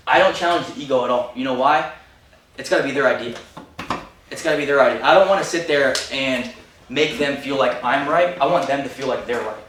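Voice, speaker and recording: A man in his twenties leading a sales training for his team, talking fast and punchy. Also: medium pitch, fairly bright tone. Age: 20s. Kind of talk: live sales training talk. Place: meeting room with team. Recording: echoey room, mic far off, background noise.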